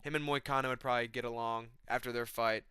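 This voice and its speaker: A man's voice: medium pitch, fairly even intonation, quick pace, sharp tone, clear, resonant tone, dry recording, clean studio sound. A young man telling a casual, comedic vlog story in slangy talk full of "bro" and "man". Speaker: YouTuber, MMA commentator.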